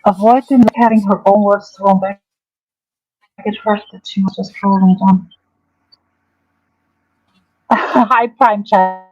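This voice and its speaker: A woman hosting a casual livestream, talking in a halting, hesitant way with many restarts. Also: medium pitch, steady tone, dull audio.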